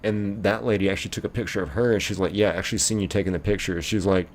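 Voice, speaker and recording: A man's voice: low voice, steady tone, racing. A young man, live-streaming a game and playfully reading viewer chat aloud, laughing often.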